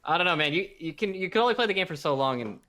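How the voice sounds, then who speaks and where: Chill american dude, swears, trails off and restarts a lot. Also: male voice, high voice, expressive, background noise. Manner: laid-back, swears, halting restarts. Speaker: podcast guest, former pro player. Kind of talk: casual esports chat.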